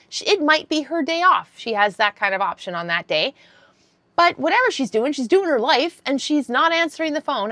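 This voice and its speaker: A woman in her fifties tells a story straight to camera in a voice set a little on the high side. Her delivery is animated and candid, with casual swearing. The sound is close and dry. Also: no room sound. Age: 50s. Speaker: vlogger.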